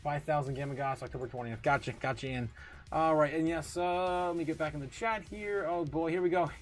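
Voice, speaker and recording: A man hosting a casual livestream, reading viewer comments aloud, laughing often and getting excited, full of drawn-out fillers. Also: fairly high pitch, soft background music. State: tipsy, recovering from a night of drinking. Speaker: livestream host.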